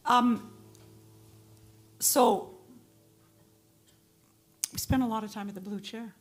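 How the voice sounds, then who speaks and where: Woman acting out voices in a story. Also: fairly high pitch. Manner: lively anecdotal, acts out quoted voices. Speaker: singer. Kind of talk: storytelling between songs at a live event.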